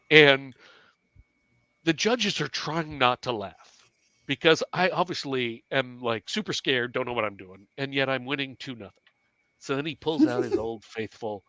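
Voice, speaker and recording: A man casually telling a self-mocking story on a live stream, animated and swearing freely. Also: medium pitch, no echo.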